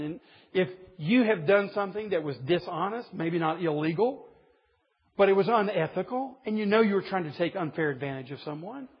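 A man's voice: sits high, breathy edge. A man preaching a sermon to a group of men, earnest, pressing his points with rising emphasis. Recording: dull lo-fi recording in a reverberant hall.

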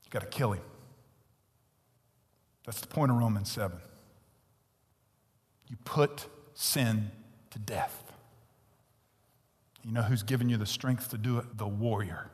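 Intense preacher in a reverberant church. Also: male voice, on the low side, a little slow, long pauses, husky. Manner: blunt, intense preaching with sudden hushed whispers and loud peaks. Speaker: pastor. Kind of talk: sermon.

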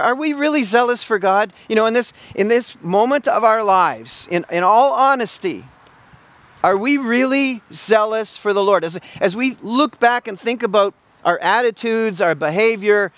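A man's voice: sits high, a bit bright, no room sound. A male pastor preaching a sermon, asking emphatic rhetorical questions and often repeating words.

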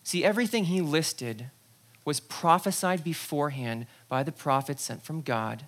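A pastor preaching a sermon in a conversational, animated way, acting out scenes and checking in with the listeners. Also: mid-range voice, normal speed. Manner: animated storyteller, acts out scenes; conversational, frequent "okay?" asides.

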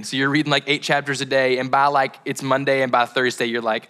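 A young man gives a relaxed sermon to a crowd in a bright, forward voice. He rambles, wanders off on tangents, and keeps dropping in fillers. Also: mid-range voice, fast, smooth. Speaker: preacher. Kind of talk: casual sermon to a live crowd.

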